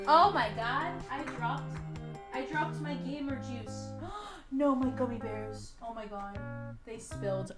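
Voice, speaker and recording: A young woman streaming, chatting casually with viewers in a bubbly, excitable way as she gets ready to read a fanfic aloud. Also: on the high side. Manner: bubbly, excitable, repeats greetings. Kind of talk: casual livestream chat.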